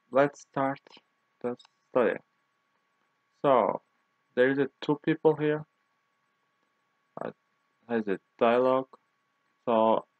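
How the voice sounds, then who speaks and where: A man's voice: mid-range voice, no room sound. A young man, a native Turkish speaker, teaching a language lesson in English and repeating words patiently. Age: young adult. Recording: tinny phone-like audio.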